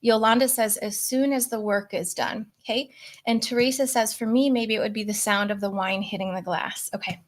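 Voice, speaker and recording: A woman's voice: fairly high pitch, steady tone, moderate pace. A middle-aged woman coaching on a live stream, chatting casually and reading out viewer comments.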